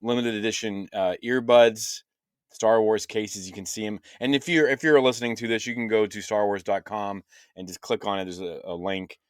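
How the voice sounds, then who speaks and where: A man's voice: lowish voice, fairly even intonation, normal speed, clean tone, no room sound, studio quality. A man in his fifties co-hosting a casual chat podcast, rambling and trailing off with lots of fillers. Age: 50s. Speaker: podcast co-host.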